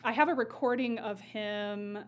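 A woman's voice: a little high, normal speed, a little hiss or hum. A woman astronomer guiding an interview, explaining enthusiastically and patiently with many fillers. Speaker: astronomer guide. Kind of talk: conversational explaining.

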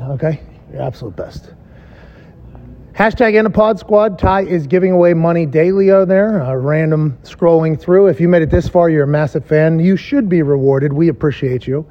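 A man in his thirties hosting a casual sports podcast, animated and ranting, swearing freely. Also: high voice, muffled recording. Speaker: podcast host.

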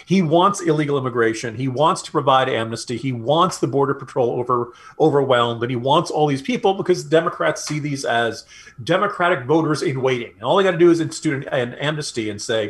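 A man's voice: on the high side, animated, fast talker, slightly rough. A man co-hosting a political podcast, making his points emphatically and repeating them for stress. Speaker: podcast co-host. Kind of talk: political commentary chat.

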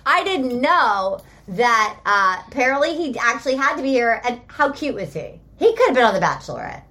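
A woman hosting a podcast with a fairly high voice, chatting casually. She is an animated storyteller who slips into the voices of the people she describes. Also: moderate pace. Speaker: podcast host. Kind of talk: casual chat recapping a reality show.

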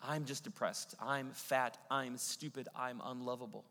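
A male pastor preaching a sermon, swinging between booming Bible reading and hushed, intimate passages. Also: steady tone, measured pace. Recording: long hall reverb.

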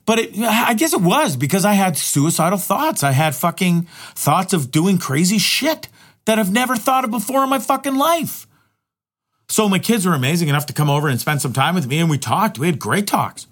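A man's voice: high voice, animated, normal speed, a bit bright. Profane, rambling middle-aged man. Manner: rambling, profane, repeats and restarts words. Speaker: vlogger and live streamer. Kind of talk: candid personal monologue.

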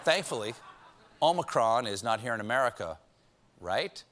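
A man's voice: medium pitch, lively intonation, moderate pace, a bit bright. A man hosting a late-night show, delivering a comedic monologue with punchy jokes and sarcastic asides. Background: studio audience laughing.

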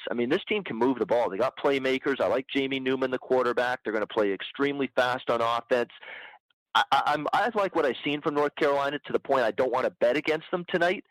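A man giving measured, analytical sports betting picks in casual discussion. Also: mid-range voice, fairly bright tone, dry recording, poor audio.

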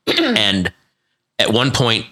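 A man in his fifties chatting casually as a podcast co-host, an animated storyteller who stumbles over restarts. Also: on the low side, extremely slow. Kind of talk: casual chat.

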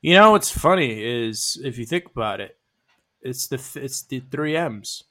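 A man's voice: mid-range voice, expressive, moderate pace, pushed and bright. A man co-hosting a podcast who talks bluntly and jokes, with frequent swearing. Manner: blunt, profane, joking. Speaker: podcast co-host. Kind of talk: casual recap chat.

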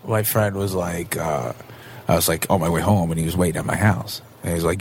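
A man in his twenties, a comedian guest, telling animated stories in casual podcast chat and slipping into quick impressions. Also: low voice, creaky, slight background noise. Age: 20s.

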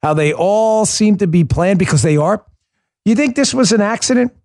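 A man's voice: high voice, lively intonation, normal speed, a little mellow, no room sound, studio quality. A middle-aged man hosting a podcast, delivering a combative political monologue full of sarcasm and rhetorical questions. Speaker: podcast host.

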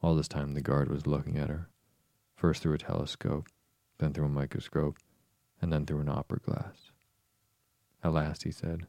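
A man narrating an audiobook in a measured, even way. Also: a bass voice, vocal fry, dry recording.

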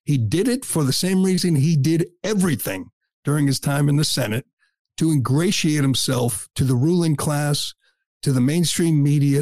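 A man's voice: fairly high pitch, dry recording, clean studio sound. A middle-aged man hosting a talk show, delivering a blunt, combative and scornful opinion monologue.

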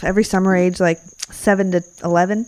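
A woman's voice: lowish voice, little pitch movement, fast, a little mellow, clean tone, no echo. A woman from Chicago co-hosting a comedy podcast, blunt and joking in casual chat. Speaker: podcast co-host.

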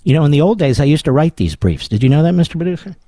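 A man's voice: fairly high pitch, big pitch swings, racing, dark tone, dry recording, studio quality. A man hosting a political talk radio show, delivering a combative and sarcastic monologue.

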